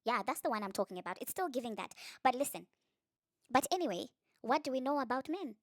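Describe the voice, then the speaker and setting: A woman's voice: sing-song, fast talker, no echo, studio quality. A woman giving sarcastic, ranting commentary on celebrity gossip in a reaction vlog. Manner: sarcastic, ranting, mimics others in high mocking voices.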